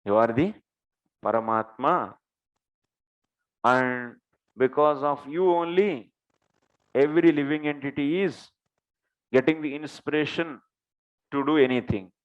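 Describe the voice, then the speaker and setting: Slow man explaining scripture. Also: fairly high pitch, lo-fi sound. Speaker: scripture lecturer. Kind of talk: scripture class with Sanskrit verses.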